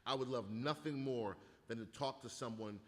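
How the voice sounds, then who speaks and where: A man telling rambling, profane stories in a casual chat and building into loud rants. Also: medium pitch, moderate pace. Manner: profane, rambling storyteller who rants loudly. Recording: long hall reverb.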